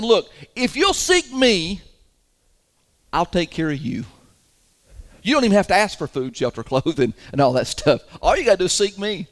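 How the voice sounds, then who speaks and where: A male pastor delivering a sermon in a church sanctuary. His voice sits high and swoops lively up and down as he leans into folksy, emphatic points, chuckling between them.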